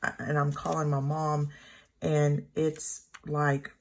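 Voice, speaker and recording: A woman's voice: deep voice, monotone, takes it slowly. A middle-aged woman, rambling through a personal story and laughing often as she decorates her planner. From Texas. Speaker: planner vlogger.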